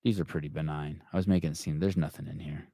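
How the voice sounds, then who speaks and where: This podcast host's voice is a rumbling low with a dark, steady tone, and he speaks quickly. Reading viewer comments in a laid-back live-stream chat, he swears a lot, rambles, mocks himself and keeps stammering into restarts. It's a dry, clean studio recording.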